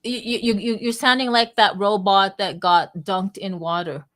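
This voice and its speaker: A woman's voice: medium pitch, fairly even intonation, moderate pace, a bit bright. A woman hosting a live online audio chat in a bubbly, chatty, playful way. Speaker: host.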